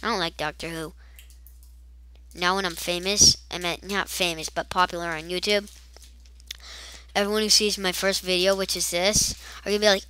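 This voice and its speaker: A woman's voice: on the low side, moderate pace, pushed and bright, clean tone. Chatty woman rambling through gameplay. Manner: chatty, rambling, silly asides. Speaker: let's play gamer. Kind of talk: casual gameplay commentary.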